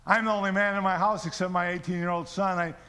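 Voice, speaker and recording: A man's voice: high-pitched, little pitch movement, fast, sharp tone, in a large hall. A middle-aged man preaching a sermon, telling his own story and asking the congregation questions. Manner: storytelling, repeats words, asks the audience questions. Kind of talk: sermon testimony.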